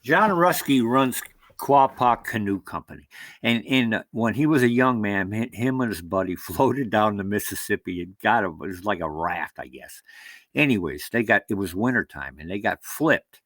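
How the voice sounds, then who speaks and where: During a storytelling interview, an American long-distance canoeist rambles through lively anecdotes and acts out others' quotes. His pitch is fairly low, his pace moderate, and the audio has no echo.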